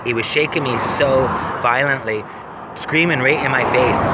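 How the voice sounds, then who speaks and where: A man telling personal stories in a rambling, profane, animated way, with many restarts, keeping a video journal. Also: medium pitch, moderate pace. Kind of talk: casual storytelling monologue. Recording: noisy outdoor street recording.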